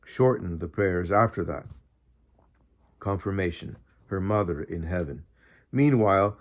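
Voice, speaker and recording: A man reading a diary aloud in an earnest, measured way, pausing often. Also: lowish voice. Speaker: audiobook reader. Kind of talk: scripted narration of a diary.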